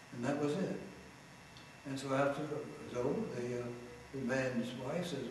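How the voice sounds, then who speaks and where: A man's voice: medium pitch, normal speed. A man, an Episcopal priest, telling jokes as a TV guest in a genial, anecdotal way. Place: TV studio. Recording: roomy, distant mic, faint noise.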